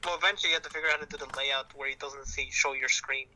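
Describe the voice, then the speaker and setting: A man's voice: mid-range voice, fairly even intonation, racing, noisy background. A young man teasing his friend about a stream, laughing as he chats casually. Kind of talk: casual chat. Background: music.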